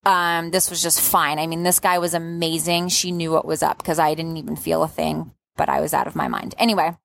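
A young adult woman telling her birth story in a casual, lively way, acting out what she said back then. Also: low-pitched, a little fast, gravelly. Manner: lively storyteller who acts out her own past outbursts.

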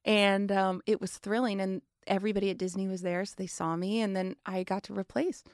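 Animated woman telling stage stories. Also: mid-range voice, a little fast, no room sound, clean studio sound. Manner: animated, acts out quoted voices, frequent "like". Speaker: guest, Broadway actress. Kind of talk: conversational interview storytelling.

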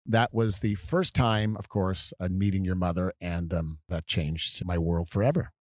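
A man's voice: deep voice, fairly even intonation, unhurried, no echo, studio quality. A middle-aged American man from California, a father telling his grown child stories of his youth in a casual, rambling way full of fillers. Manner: rambling, reminiscing, with many fillers. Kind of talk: casual storytelling.

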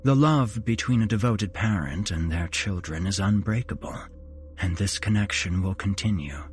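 A man hosting a horror podcast, narrating a first-person story in an unhurried, dramatic storytelling way. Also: fairly low pitch, soft background music. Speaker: host and narrator.

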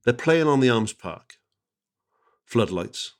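A man's voice: mid-range voice, very animated, slow pace, darkish tone. A man with a South Walian accent, chatting enthusiastically on a podcast and often restarting his sentences. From Barry, South Wales. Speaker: podcast co-host. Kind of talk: casual podcast chat.

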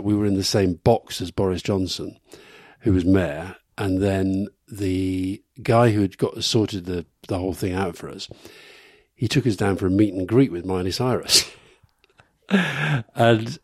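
A man's voice: fairly low pitch, darkish tone, dry recording, clean studio sound. A middle-aged man co-hosting a live podcast, rambling through anecdotes and chuckling at his own stories. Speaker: podcast co-host.

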